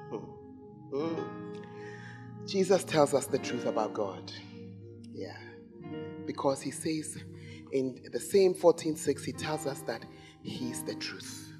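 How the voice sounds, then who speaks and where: A man preaching a sermon as pastor, scolding the congregation with rhetorical questions. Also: medium pitch. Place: church.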